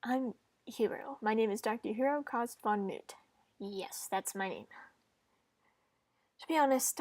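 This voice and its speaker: Formal, hesitant amnesiac astronaut man, voiced by a woman, lower and quieter than her own voice, dry room. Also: no room sound, recorded from a distance, natural voice. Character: confused, polite male astronaut with amnesia.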